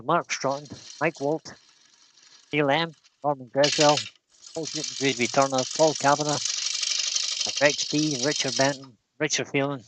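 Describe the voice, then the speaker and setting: A man hosts a relaxed livestream, his voice sitting right in the middle of the male range. He rattles through long lists of viewer names in a casual, easy-going way and laughs readily between them. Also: medium pitch, slight background noise. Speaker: livestream host.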